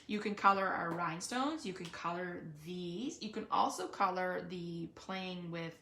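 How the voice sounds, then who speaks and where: A woman's voice: fairly low pitch, measured pace, vocal fry, bright, forceful tone, slight background noise. A woman giving a casual live card-making demonstration, chatting and thinking aloud with frequent fillers. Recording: echoey room.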